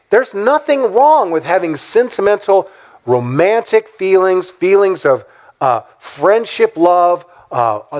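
A man preaching with a high, lively voice that swoops up and down. His delivery is emphatic, and he slips into mock-sarcastic asides. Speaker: pastor. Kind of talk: sermon.

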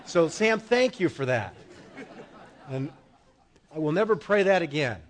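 A middle-aged male pastor preaching in a church, swinging from loud proclaiming to quiet asides with the congregation. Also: a little high, sing-song, a little slow, pauses often, a faint crowd. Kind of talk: sermon. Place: church sanctuary. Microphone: microphone.

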